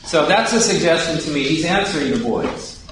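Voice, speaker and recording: A man's voice: on the high side, expressive, normal speed, a bit bright. A man giving sermon-style Bible teaching, putting questions to his listeners as he explains a passage. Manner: poses questions to the audience. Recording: very echoey hall, distant mic, background noise.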